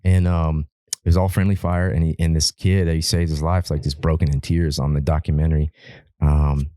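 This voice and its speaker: Very deep-voiced man telling a rambling story. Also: little pitch movement, brisk, mellow, no room sound, studio quality. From Alaska. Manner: rambling, profane, repeats words and restarts often. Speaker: podcast guest, wildland firefighter. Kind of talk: casual podcast storytelling.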